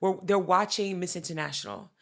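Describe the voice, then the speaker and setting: A woman's voice: fairly low pitch, fairly quick, creaky. A woman co-hosting a podcast, telling a story in casual chat, acting out what people said and swearing freely. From Haitian family. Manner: animated, swears a lot, acts out quotes. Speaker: podcast co-host.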